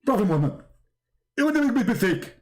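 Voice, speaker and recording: A man's voice: extremely high pitch, big pitch swings, fast talker, a little mellow, voice pushed up. A man voicing a fawning, flustered male angel messenger who stammers and rambles through strings of pious phrases.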